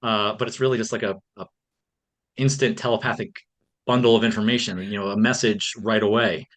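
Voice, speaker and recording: A man's voice: on the low side, fairly even intonation, fairly quick, a bit bright. A man speaking as a podcast guest in a casual interview, earnest and reflective, with frequent "um" and "like". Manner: earnest, reflective, many fillers.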